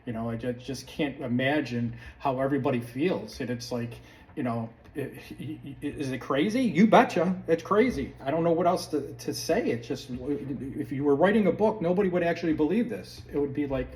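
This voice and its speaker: A man's voice: medium pitch, lively intonation, brisk, a little mellow. A man hosting a podcast, delivering a heated, sarcastic opinion monologue full of restarts. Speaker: podcast host. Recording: distant mic with faint room ambience.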